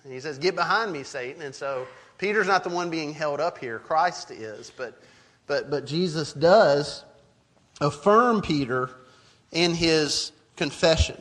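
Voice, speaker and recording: A man's voice: fairly high pitch, expressive, slow pace, a bit bright. A middle-aged man preaching a sermon as pastor, earnest and emphatic, often repeating a word as he starts a sentence.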